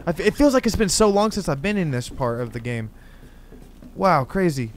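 An excitable man talks through a horror game as he plays, full of exclamations and casual slang. His voice sits a little high for a man. A faint hiss runs under the recording. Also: brisk. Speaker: gaming channel host. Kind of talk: let's play commentary.

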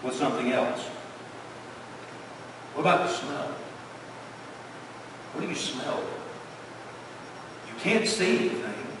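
Echoey pastor preaching from afar. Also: male voice, mid-range voice. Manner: emphatic preaching with rhetorical questions, dropping to a hush. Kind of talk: sermon. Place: church sanctuary. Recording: echoey church hall from far off, faint noise.

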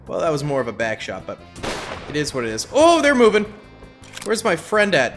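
A man's voice: a little high, sing-song, moderate pace, soft background music. A young man hosting a gaming channel, giving goofy, hyped gameplay commentary full of yelps.

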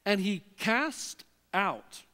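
A high-voiced man preaching with passion, his voice ringing through a large church sanctuary with a long reverb. He swings between loud, rising calls and soft, hushed asides. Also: sing-song, drawn-out words, smooth. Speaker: pastor. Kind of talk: sermon.

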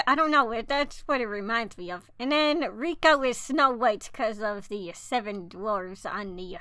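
A woman vlogging casually over a mobile game, gushing and excitable, often apologizing for herself. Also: high voice, no room sound. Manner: gushing, excitable, self-deprecating. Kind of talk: casual gameplay commentary.

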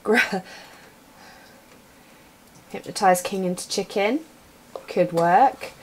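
A young woman plays a retro adventure game live, bantering with her chat in a playful, unhurried way. Keyboard typing clicks under her voice. A faint hiss runs through the recording. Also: mid-range voice. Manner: playful, chatting to viewers while typing commands. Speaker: game streamer. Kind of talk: casual live-stream commentary.

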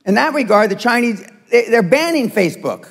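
With an extremely high, gravelly voice, an older man speaks fairly quickly and expressively at a motivational seminar, confronting the crowd bluntly and with profanity. It's a live recording from a large, echoing hall.

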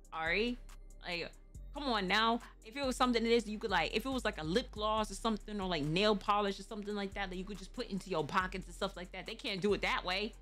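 A woman's voice: medium pitch, a bit bright. Laughing, profane young woman storyteller. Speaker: streamer. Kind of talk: casual storytime chat.

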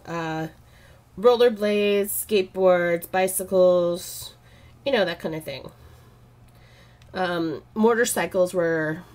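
A married woman chatting casually while she draws, rambling through stories and laughing often. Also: fairly low pitch. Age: adult, married. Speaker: art vlogger. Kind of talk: casual chat while drawing.

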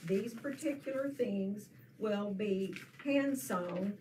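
A woman presenting a quilting class, unhurried and full of fillers. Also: mid-range voice, warm tone. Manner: slow, unhurried, with many fillers. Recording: distant mic with room noise.

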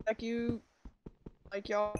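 A woman's voice: fairly high pitch, little pitch movement, slow, highs cut off, slight background noise. A woman chatting casually over voice chat while gaming, rambling with lots of likes and ums. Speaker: co-player and friend of the streamer.

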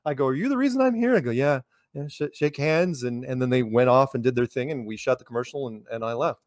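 A man's voice: medium pitch, steady tone, a little fast, no echo. Rambling American man, dry close sound. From United States. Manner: rambling, many restarts and repeated words. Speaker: interviewee. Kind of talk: casual conversational storytelling.

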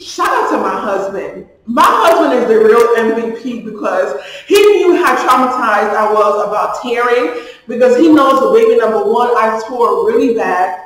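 A woman in her thirties tells a story straight to the camera in a loose, chatty way, acting out the dialogue as she goes. She sits back from the mic, and the room around her rings with a long echo. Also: fairly high pitch. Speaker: vlogger. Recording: echoey room from a distance.

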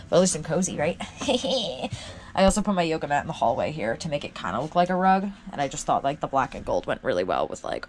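A woman's voice: low voice, a little hiss or hum. A woman in her twenties talking casually to the camera at home in a wry, self-deprecating video diary. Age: 20s. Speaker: vlogger. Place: at home, indoors.

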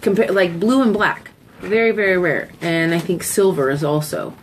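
A woman's voice: fairly low pitch, normal speed, rough recording. Chatty woman hosting live, rambly stories, light background noise. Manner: talkative, storytelling, giggly asides. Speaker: live-stream sales hostess. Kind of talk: chatty live-stream talk.

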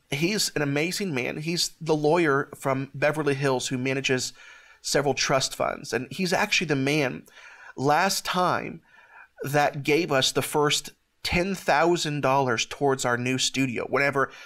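Man, fairly high voice, earnest, halting, restarts, near tears, ministry host testimony. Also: a bit bright. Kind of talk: emotional testimony to camera.

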